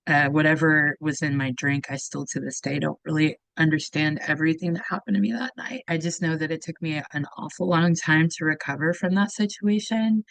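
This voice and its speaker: Earnest low-voiced woman telling her story. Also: brisk, gravelly, hardly any pauses, a bit bright, dry recording, low-quality recording. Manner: earnest, acts out quoted voices, frequent "like" fillers. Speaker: guest sharing her testimony. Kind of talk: personal testimony storytelling.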